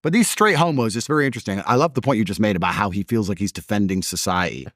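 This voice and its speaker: A man's voice: fairly low pitch, lively intonation, very fast, a bit bright, no echo, clean studio sound. A man in a casual conversation, telling stories in a blunt, emphatic way.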